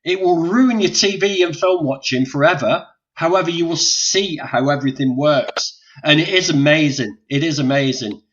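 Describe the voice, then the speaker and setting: A man's voice: on the high side, moderate pace, a bit bright. A man hosting a casual live chat over a video call, rambling and encouraging. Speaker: host. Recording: dull lo-fi stream audio.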